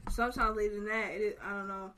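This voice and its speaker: A woman's voice: mid-range voice, fairly even intonation, fast talker, pushed and bright. A young woman chatting as a guest on a casual podcast, laughing often and swearing freely in loose slang.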